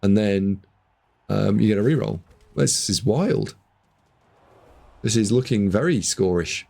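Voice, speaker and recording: A man casting a video game match, excitable, jumping from loud shouts to muttered asides. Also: on the low side, unhurried, gravelly, long pauses, faint music behind. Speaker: game caster.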